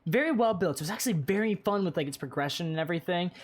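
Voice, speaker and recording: A man's voice: high voice, expressive, racing. Rambling, swearing male streamer. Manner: rambling, swears often, many fillers. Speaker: streamer and server organizer. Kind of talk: casual stream chat, touring a game world.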